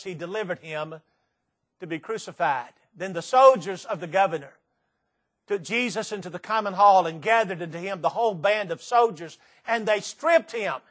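Man, preacher, sermon, high-pitched, impassioned, repeats phrases for emphasis. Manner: impassioned preaching with dramatic shifts in loudness and pace.

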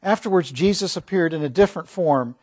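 High-voiced animated preacher man. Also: fairly quick, husky. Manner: animated, questions to the audience. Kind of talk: sermon.

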